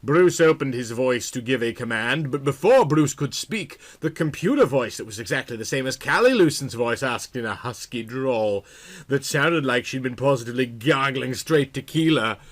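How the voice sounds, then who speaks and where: A man's voice: medium pitch, expressive, moderate pace. A man giving a comedic reading of a novel, with a dry, mock-serious delivery. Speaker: reader.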